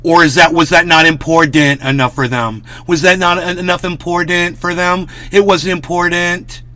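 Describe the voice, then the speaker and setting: A man with a bright, forceful voice pitched a little high rants on a live stream. He swears freely and keeps himself worked up. His talk is loose, casual and profane. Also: steady tone, moderate pace. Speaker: livestream host.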